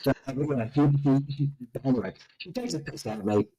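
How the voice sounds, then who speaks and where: A man's voice: mid-range voice, animated, quick pace, dark tone, husky, poor audio. A middle-aged man with a London accent, co-hosting a podcast in casual chat and rambling with lots of fillers. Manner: rambling, heavy on "you know" fillers. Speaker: podcast co-host.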